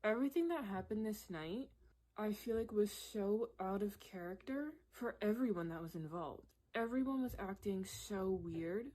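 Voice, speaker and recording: A young woman vlogger telling a personal story in a candid, animated way, with lots of "like" and "literally". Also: medium pitch, moderate pace. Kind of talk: casual storytelling.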